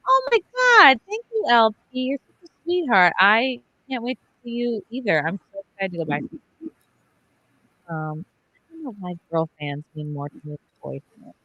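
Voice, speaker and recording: A woman's voice: on the high side, moderate pace, no room sound, dull audio. A woman hosting a casual group chat, gushing as she reads out viewer gifts and thanks them. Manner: gushing, animated reading out gifts. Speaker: host.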